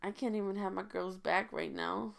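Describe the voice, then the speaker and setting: A woman guesting on a podcast, chatting with her brother in an excitable, sassy, outspoken way and swearing freely. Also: mid-range voice, normal speed, vocal fry, a little hiss or hum. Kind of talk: casual banter.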